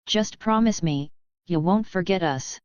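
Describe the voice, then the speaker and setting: Woman narrator doing a sassy Southern young woman, drawling, smooth low voice, dull dry sound. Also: a little slow, darkish tone, dry recording, natural voice. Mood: tender farewell.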